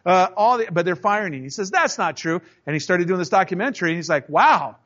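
A man with a high-pitched voice preaches a sermon in an easy, conversational manner. He tells stories, acts out the voices in them and speaks straight to his listeners. The recording sounds dull and lo-fi. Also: expressive, quick pace, fairly bright tone. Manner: storytelling, acts out voices in anecdotes; conversational, addresses the congregation directly. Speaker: pastor.

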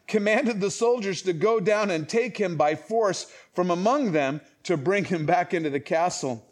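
Male pastor, high-pitched, animated sermon storyteller who acts out voices and drops quiet for personal asides. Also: moderate pace, few pauses. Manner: drops to low, quiet tones for personal moments.

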